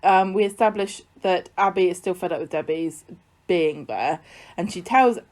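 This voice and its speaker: Woman, lowish voice, opinionated co-host. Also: normal speed. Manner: opinionated, animated recapping. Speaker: podcast co-host. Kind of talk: casual chat.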